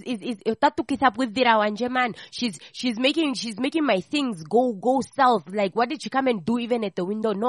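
A woman hosting a radio call-in show, chatting casually and telling a gossipy story with lively voices for the people in it. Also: mid-range voice, no room sound, studio quality. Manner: animated, acts out the people in her stories.

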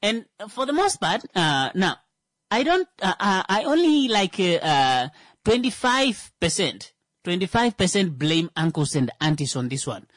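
Man with a higher-pitched voice, halting comic rant. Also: sing-song, a bit bright, no room sound. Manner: halting, full of "uh" fillers, sudden pitch jumps for emphasis. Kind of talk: comedic monologue.

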